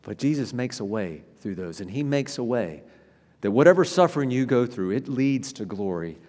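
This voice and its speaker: A man preaching a sermon to a congregation, animated, with frequent restarts, swinging from loud emphasis to quiet, soft passages. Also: medium pitch, normal speed, long reverb tail. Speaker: pastor.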